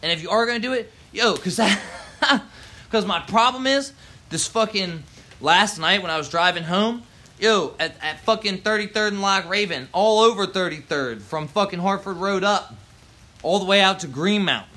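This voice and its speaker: Bright-voiced man ranting profanely. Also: sits high, normal speed. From Baltimore, Maryland. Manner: heated, profane, repeats "man" and "yo". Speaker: vlogger. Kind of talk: profane outdoor rant. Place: front porch outdoors in the rain.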